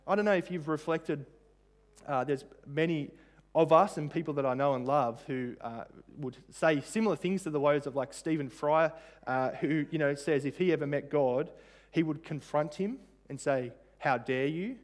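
A man's voice: a little high, moderate pace. A man preaching a sermon in a conversational way, with frequent fillers and rhetorical questions. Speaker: pastor.

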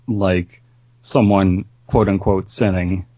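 Low-voiced man chatting loosely. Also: steady tone, slow pace, mellow, no room sound. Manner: loose and rambling, full of fillers. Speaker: podcast co-host. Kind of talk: casual chat.

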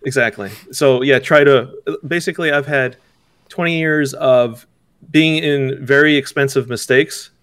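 Male interview guest, smooth tone, halting delivery, easy laughs. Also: mid-range voice, fairly even intonation, fairly bright tone, no echo, clean studio sound. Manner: hesitant, many restarts, laughs often. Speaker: game developer guest. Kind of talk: casual interview talk.

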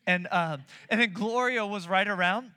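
Preaching with animated storytelling, a male pastor in his thirties acts out his own quotes and repeats words in his excitement. His voice sits high, clear and resonant, at a normal speed.

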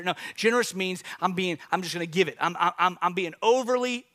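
A man's voice: high-pitched, brisk, sharp tone. A man in his forties preaching a sermon in a conversational way, often calling out to the congregation. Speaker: pastor.

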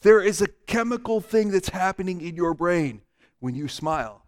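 Animated male preacher in a reverberant hall. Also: high-pitched, normal speed. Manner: animated, acts out voices and smiles for the audience. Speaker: pastor. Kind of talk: sermon.

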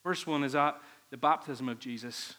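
A man's voice: mid-range voice, moderate pace, sharp tone. A man preaching a sermon, earnest and emphatic, leaning on repeated phrases. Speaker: pastor.

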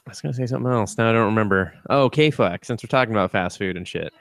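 A man's voice: lowish voice, fast, creaky, a bit bright. A man co-hosting a podcast, trading dry, profane wisecracks in casual banter. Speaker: podcast co-host.

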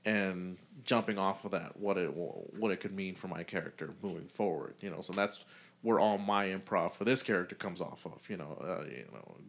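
A man's voice: deep voice, normal speed, vocal fry. A man hosting a casual podcast chat, who rambles with lots of fillers. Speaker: podcast host.

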